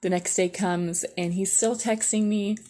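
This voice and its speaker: A woman's voice: medium pitch, fairly even intonation, a little slow, dark tone. A young woman casually telling a personal story as a podcast host, chatty and profane, with lots of "like". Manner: chatty, filler-heavy with constant "like", profane.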